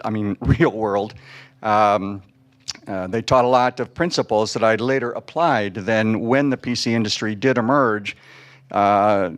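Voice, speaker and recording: A man in his sixties, from Chicago, speaks on a panel with a somewhat low voice. He talks in a halting way, with many restarts and fillers as he tells his story. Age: 60s.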